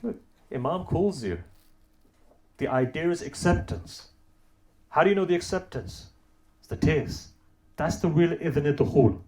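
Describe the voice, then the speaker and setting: A man's voice: on the high side, expressive, measured pace, pauses often, a little mellow, roomy sound, poor audio. A male preacher telling a story during a sermon, acting out the quotes and then building to raised, urgent exhortation. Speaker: Islamic preacher. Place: mosque hall.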